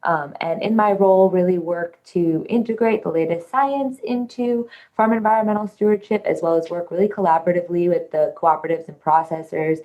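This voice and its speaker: A woman's voice: on the low side, a little fast, few pauses, lo-fi sound. A woman in her twenties introducing herself on a panel in a casual way, with many ums.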